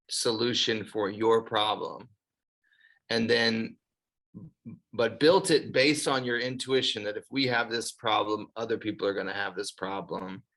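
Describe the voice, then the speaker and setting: A man's voice: on the low side, a bit bright. A man hosting an interview, reflecting on the answers in an encouraging way and asking long questions. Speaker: interviewer, host.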